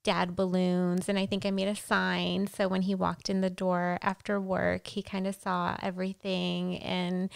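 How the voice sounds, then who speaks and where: A woman's voice: fairly low pitch, completely flat delivery, creaky, clean tone, dry recording. A young woman co-hosting a podcast, chatting casually and laughing easily as she tells her own story. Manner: warm listener, quick to laugh. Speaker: podcast co-host. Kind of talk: casual chat.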